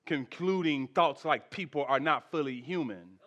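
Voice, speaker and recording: A male pastor with a high, bright, ringing voice, preaching a lively sermon. He builds to shouted peaks, then drops into soft, joking asides to the congregation. The whole thing sounds like a live church service. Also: normal speed. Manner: humorous, conversational asides to the congregation.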